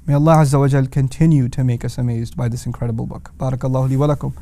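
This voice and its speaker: A man teaching a lecture on the language of the Quran, animated and emphatic, often asking rhetorical questions. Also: mid-range voice, very fast, dry recording.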